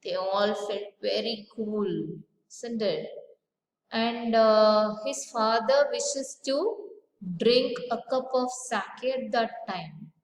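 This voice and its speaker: A woman's voice: fairly high pitch, slow pace. A woman teacher, retelling a story as a lesson, stopping to explain words and asking her pupils rhetorical questions. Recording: echoey room with faint ambience.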